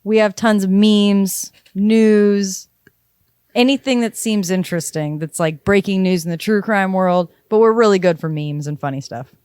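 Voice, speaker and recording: A woman's voice: medium pitch, normal speed, a little mellow, clear, resonant tone, no echo, clean studio sound. A woman co-hosting a true crime podcast, talking in a playful, silly way. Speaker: podcast co-host. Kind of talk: casual chat.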